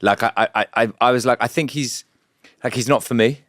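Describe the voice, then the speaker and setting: A man being interviewed as a guest, talking in a relaxed, candid way with stammering restarts. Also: mid-range voice, a little fast, dry recording, studio quality. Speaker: guest, show producer. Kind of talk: casual interview chat.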